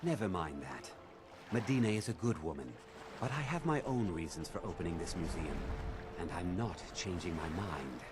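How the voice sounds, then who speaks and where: A deep-voiced zealous curator. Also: male voice, expressive, normal speed, background noise. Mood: welcoming. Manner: earnest, lecturing tour-guide delivery. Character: zealous male museum curator of cult relics. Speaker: game character. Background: game music.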